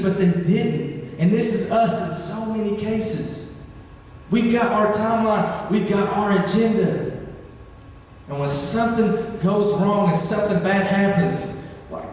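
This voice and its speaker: A man's voice: high-pitched, measured pace, darkish tone, a little hiss or hum. A young man preaching a sermon at a campus ministry, chatty and joking, then rising into impassioned pleading. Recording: echoey hall from far off.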